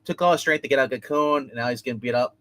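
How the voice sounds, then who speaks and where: A man's voice: medium pitch, rapid-fire, a bit bright, dry recording. A man reviewing comic books in a casual, rambling way, retelling each plot with many restarts.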